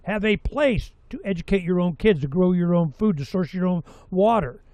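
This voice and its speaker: A man's voice: sits high, lively intonation, moderate pace, darkish tone, dry recording. A middle-aged man hosting a talk show, rambling and sarcastic in a casual monologue, slipping into mocking voices for quotes.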